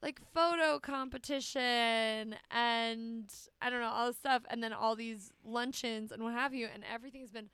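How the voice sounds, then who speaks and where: A woman co-hosts a casual podcast, her voice smooth and resonant and sitting a touch high. She talks in wry, rambling stories, recorded close and dry on a podcast mic. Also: steady tone, moderate pace, few pauses, a bit bright, dry recording. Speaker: podcast co-host. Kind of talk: casual chat.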